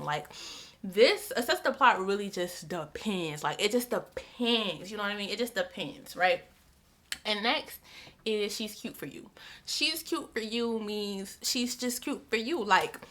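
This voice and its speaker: Bright-voiced chatty young woman. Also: mid-range voice. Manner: chatty, repeats herself, many "like" fillers. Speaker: book vlogger. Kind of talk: casual chat.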